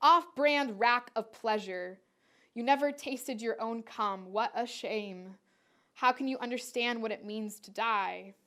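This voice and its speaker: A woman's voice: a little high, unhurried, fairly bright tone. A woman performance artist delivering spoken-word poetry in a rhythmic, incantatory way, repeating her refrains.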